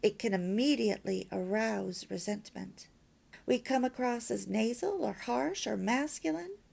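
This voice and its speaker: Woman reading a homemaking lesson, lilting, emphatic, lively pitch, gravelly and husky. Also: unhurried. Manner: lilting, emphatic, drops to near-whispered asides. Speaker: reader of a homemaking course. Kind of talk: reading a storybook lesson aloud.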